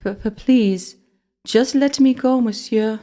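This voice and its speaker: A storybook reader voicing a small, brave female mouse with a French accent, quick and frightened but defiant. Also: mid-range voice, fairly even intonation, a little mellow, pitched above the performer's own voice, natural voice. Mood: scared.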